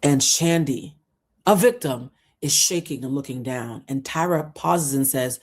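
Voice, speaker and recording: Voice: medium pitch, expressive, a little slow. A vlogger retelling events in a heated, indignant commentary, acting out quotes along the way. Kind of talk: commentary storytelling.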